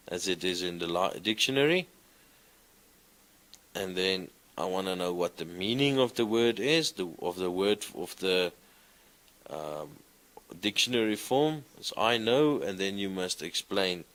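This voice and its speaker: Slow, low-voiced man teaching a class. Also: a bit bright. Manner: slow, encouraging, asks the class questions. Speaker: Greek teacher. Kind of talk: classroom lecture.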